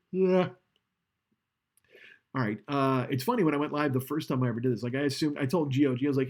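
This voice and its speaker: A man's voice: mid-range voice, fairly quick, long pauses. A man hosting a casual live stream, rambling and swearing with self-mocking humor while leaning back from his microphone. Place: home streaming setup, indoors. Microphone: studio microphone, leaning back from it.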